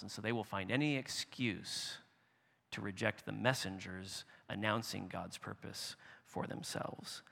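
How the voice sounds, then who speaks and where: Bright-voiced preacher in a reverberant hall. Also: male voice, on the high side. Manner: expressive preaching, rising animated when voicing quotes. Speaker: pastor. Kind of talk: sermon.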